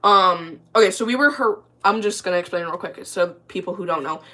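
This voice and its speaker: A woman's voice: fairly low pitch, a little fast, fairly bright tone. A young woman telling a story in a casual, rambling way, full of "like" and restarts, while cooking in her kitchen. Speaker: vlogger.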